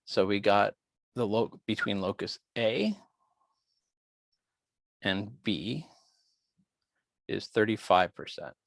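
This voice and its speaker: A man's voice: fairly low pitch, slow, creaky, long pauses, no echo. A man lecturing on biology in an online class, working through quiz questions and thinking aloud in a chatty way.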